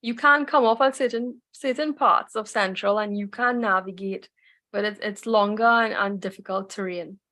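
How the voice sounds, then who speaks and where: A woman's voice: mid-range voice, normal speed, sharp tone. A woman with a Trinidadian accent, a journalist guest chatting in an easygoing, detailed way in an interview. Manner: chatty, detailed, frequent restarts. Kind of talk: casual interview chat.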